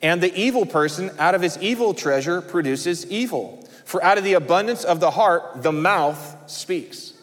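A man's voice: lively intonation, normal speed, hardly any pauses, fairly bright tone. Man preaching in a reverberant hall. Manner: preaching with rising and falling emphasis, dropping low at phrase ends. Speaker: pastor. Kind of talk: sermon.

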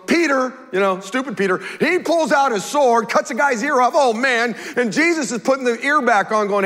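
A male pastor preaching a sermon in an animated, folksy way, with stammered restarts. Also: very high-pitched, normal speed. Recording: long hall reverb.

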